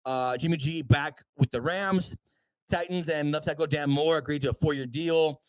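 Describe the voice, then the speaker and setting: A man co-hosting a casual sports livestream, rattling through news items with quick offhand asides. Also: fairly high pitch, fairly even intonation, no echo, rough recording. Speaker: podcast co-host.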